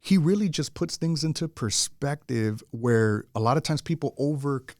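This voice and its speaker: A man's voice: medium pitch, normal speed, darkish tone, dry recording. Earnest man talking in an interview, dry sound. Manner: rambling, earnest storyteller with many restarts. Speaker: guest, general contractor. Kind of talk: casual interview conversation.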